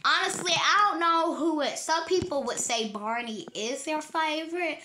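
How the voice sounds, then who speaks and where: A woman's voice: high-pitched, normal speed, bright, forceful tone, reverberant, a little hiss or hum. A woman casually retelling a creepy internet story, rambling with lots of "like" and restarts.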